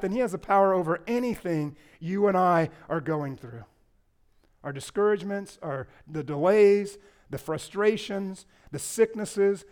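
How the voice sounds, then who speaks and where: This man delivers a sermon as pastor, climbing to loud, passionate declarations before falling quiet. Along the way he makes playful asides to his congregation.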